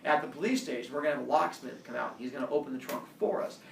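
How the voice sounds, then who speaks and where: A man's voice: mid-range voice, racing, gravelly, slight background noise, lightly acted. A man voicing a stern male police officer who lays out options patiently, step by step, in an echoey room far from the mic. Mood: stern, matter-of-fact.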